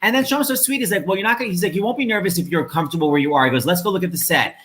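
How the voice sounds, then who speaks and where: A man hosting a live-streamed chat over a video call, telling stories in a quick, animated way. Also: high-pitched. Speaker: host.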